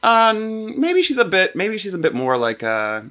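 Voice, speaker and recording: A man's voice: high voice, wildly swooping pitch, pushed and bright, smooth. A man running a tabletop game as game master. He laughs often, jokes at his own expense, and halts on fillers. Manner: laughing, self-deprecating, halting fillers.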